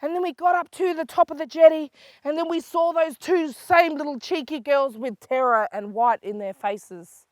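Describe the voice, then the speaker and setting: An older woman from South Australia with an Aboriginal Australian English accent, telling a story for children in a lively voice that moves from hushed to excited. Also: high-pitched, moderate pace, no room sound. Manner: lively, swings between hushed and excited calls.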